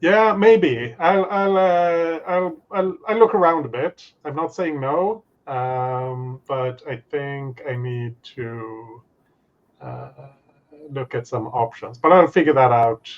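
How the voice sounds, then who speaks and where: A man's voice: medium pitch, slow pace. A man hosting a casual planning chat, agreeable and easygoing, often saying yeah several times. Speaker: host. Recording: dull lo-fi audio.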